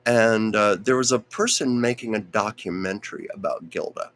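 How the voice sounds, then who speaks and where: A man with a fairly low, fairly bright voice talks at a moderate pace while hosting a live stream. He tells a meandering story packed with asides and restarts, his voice strained and cutting in and out.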